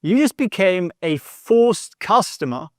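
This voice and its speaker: A man's voice: sits high, very animated, slow, no echo, clean studio sound. A man hosting an explanatory history lesson in a chatty way, with joking asides and frequent tag questions. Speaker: host.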